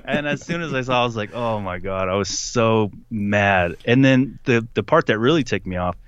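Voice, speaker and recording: A young man telling a story in casual conversation, animated, putting on voices for the people he quotes and laughing often. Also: medium pitch, moderate pace, clear, resonant tone, muffled recording. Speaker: podcast guest.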